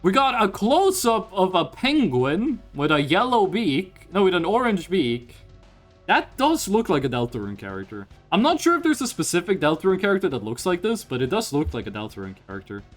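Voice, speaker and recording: A man on a live stream, talking in a raised, high register that swings up and down. He is hyped and swears freely as he reacts to viewers' chat. Faint music plays behind him. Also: very animated, fairly quick. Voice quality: voice pitched higher on stream.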